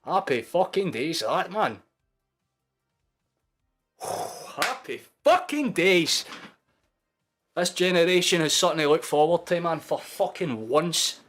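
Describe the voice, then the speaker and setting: A Scottish man in his twenties giving sweary, excitable live commentary while hosting a football watchalong stream. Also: on the high side, unhurried, pauses often, soft background music. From Scotland. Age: 20s. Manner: excitable, sweary, shouting at big moments.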